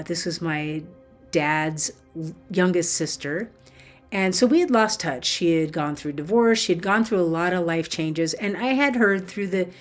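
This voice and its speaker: A woman with a somewhat low voice speaks as a spiritual teacher, telling a personal story from the heart. She talks in an earnest, emotional way and often pauses on fillers. Faint music plays quietly underneath.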